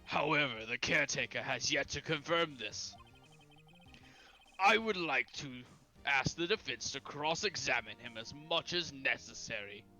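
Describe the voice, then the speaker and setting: A man's voice: medium pitch, lively intonation, unhurried, sharp tone, rough recording. A man on a casual live game stream who reads character lines aloud in a playful way and laughs often. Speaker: streamer reading game dialogue.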